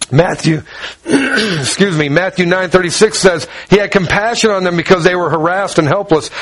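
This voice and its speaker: A man's voice: on the high side, a bit bright, no echo, poor audio. A man preaching a sermon in a conversational way, often repeating words as he tells stories.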